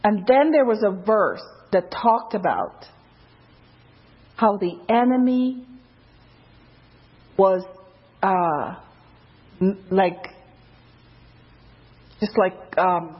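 A woman preaching an informal sermon, loose and conversational, with many fillers, who jumps higher in pitch when she quotes someone. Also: animated, drawn-out words, pauses often, breathy edge. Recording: dull lo-fi recording.

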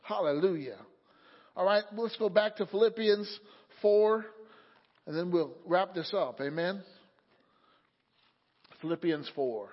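A man preaching a sermon, telling a story calmly and then rising to loud, fervent preaching. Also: high voice, slow pace, long pauses. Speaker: pastor. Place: church sanctuary. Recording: muffled sound in a reverberant hall.

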